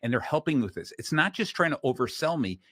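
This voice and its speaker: A man hosting a podcast, chatting casually and telling lively stories in which he acts out clerks and waiters. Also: a little high, quick pace, slightly rough, no room sound, clean studio sound. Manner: animated storyteller acting out store clerks. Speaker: podcast host. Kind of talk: casual conversation.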